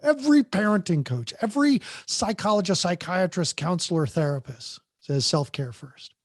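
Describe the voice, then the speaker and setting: Animated man, a parenting coach. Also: high voice, normal speed, no echo, clean studio sound. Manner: animated, acts out parent voices, restarts often. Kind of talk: podcast guest conversation.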